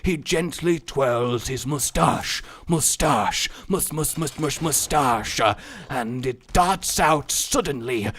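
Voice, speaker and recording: A man mimicking a nature documentary narrator, speaking quietly in slow, measured tones. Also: mid-range voice, a little hiss or hum, close to an everyday voice.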